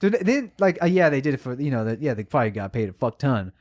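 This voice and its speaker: Excited swearing man telling a concert story. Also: mid-range voice, fast. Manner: emotional, swears a lot, animated storytelling. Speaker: podcast co-host. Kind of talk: casual chat.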